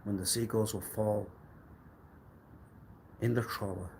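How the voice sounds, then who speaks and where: A man's voice: fairly even intonation, slow pace, slight background noise. Rambling, cryptic man on a live stream. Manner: rambling and cryptic, swinging between low mutters and loud bursts.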